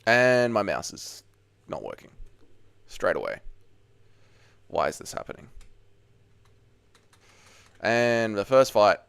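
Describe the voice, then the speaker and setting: A man's voice: fairly low pitch, gravelly, fairly bright tone, clean tone, no room sound. A man hosting a casual live fight watch-along from his chair at home, swearing freely and chatting with viewers as he reads their messages. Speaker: livestream host. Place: home, seated at a desk.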